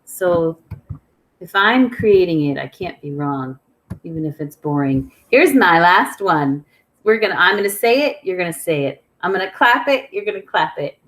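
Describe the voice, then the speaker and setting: A woman's voice: fairly low pitch, animated, moderate pace, fairly bright tone. Patient woman teaching a kids' music class. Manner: patient, clear, sing-song call-and-response prompting. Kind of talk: online music lesson for children.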